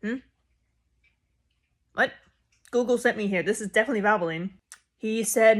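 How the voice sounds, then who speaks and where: A young woman vlogger telling a rambling story casually to a phone camera. She jumps in volume and pitch when she quotes herself. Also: normal speed, pauses often. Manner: animated and rambling, with sudden loud jumps when quoting herself.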